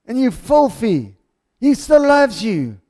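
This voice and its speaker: High-voiced South African pastor preaching. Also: male voice, very animated, takes it slowly, dark tone. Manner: passionate, storytelling, conversational. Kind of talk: sermon.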